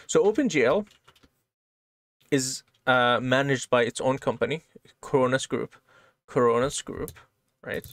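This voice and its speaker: A man's voice: medium pitch, expressive, measured pace, pauses often, fairly bright tone, no room sound. Casual man explaining with a dry sound. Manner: casual, explains step by step, keeps asking "right?". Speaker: programming teacher. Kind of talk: screen-share coding lesson.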